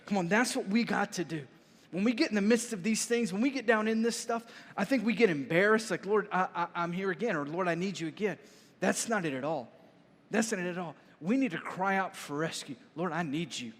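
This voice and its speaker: A high-voiced male pastor preaching a lively sermon. He tells stories with energy and pushes his voice up loud at the peaks. The sound carries a long church-hall reverb. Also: fairly quick. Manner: animated, storytelling, raises voice to shout lines.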